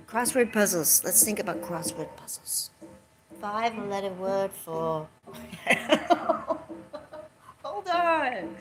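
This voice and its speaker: A woman's voice: medium pitch, lively intonation, extremely slow, long pauses, over music, low-quality recording. A woman vlogging in a casual, chatty and playful way, rambling and laughing often. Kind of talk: casual chat.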